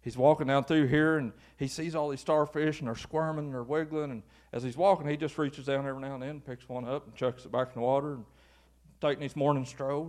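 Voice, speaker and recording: A male pastor preaching an informal, folksy sermon that builds to animated exhortation. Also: mid-range voice, fairly quick.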